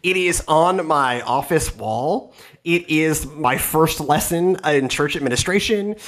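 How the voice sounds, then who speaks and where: A man with a fairly high voice hosts a church podcast. He talks in a loose, rambling way, full of restarts and self-mocking asides. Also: lively intonation, a little slow, a bit bright. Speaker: podcast host and pastor. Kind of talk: casual podcast conversation.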